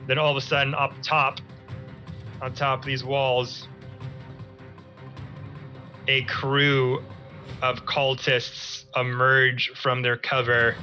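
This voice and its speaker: A man's voice: mid-range voice, bright, forceful tone. A man running a tabletop game as game master, narrating in a casual style with plenty of fillers.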